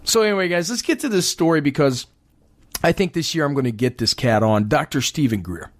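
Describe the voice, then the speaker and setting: An American man hosting a paranormal talk show, rambling in an animated, casual way with lots of fillers. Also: a little high, a little fast, no room sound, clean studio sound. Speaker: podcast host. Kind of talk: casual monologue.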